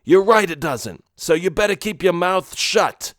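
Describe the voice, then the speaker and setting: A man's voice: high-pitched, animated, a little slow, a bit bright, no room sound, clean studio sound, voice pushed up. A man doing a stern gangster dad. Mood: warning. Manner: warning, firm. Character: gangster father, stern and protective.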